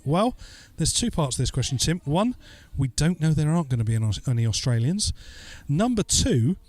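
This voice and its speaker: A man with a voice pitched a little high for a man hosts a casual podcast segment, reading out listener questions. His answers are loose and tongue-in-cheek, full of "uh" fillers and restarts. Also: a little mellow. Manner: joking, loose delivery with frequent "uh" fillers. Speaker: stand-in podcast host.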